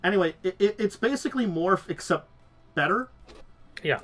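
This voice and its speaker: A man's voice: high-pitched, animated, moderate pace, fairly bright tone. A man hosting a casual tabletop gaming talk show, rambling with lots of restarts and fillers while sick and tired. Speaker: podcast host. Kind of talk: casual chat.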